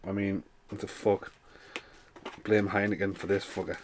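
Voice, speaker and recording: A man's voice: sits low, level tone, moderate pace, noisy background. A man ranting casually as a film reviewer, chatty and loose, swearing freely, a little tipsy. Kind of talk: casual rambling rant.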